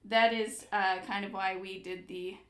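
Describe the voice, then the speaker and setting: An American woman co-hosting a casual chat, animated and giggly with lots of fillers. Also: mid-range voice, measured pace, reverberant. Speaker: co-host.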